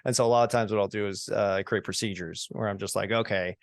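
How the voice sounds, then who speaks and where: Male podcast host, low gravelly voice, easygoing and conversational, dry close mic. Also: fast, no room sound. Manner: relaxed, chuckles often, acts out his own inner thoughts. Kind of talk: casual conversational interview.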